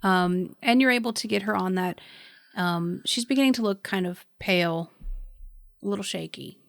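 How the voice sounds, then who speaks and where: A woman narrating a tabletop horror game as game master, casual and relaxed. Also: medium pitch, moderate pace, gravelly, dry recording, studio quality.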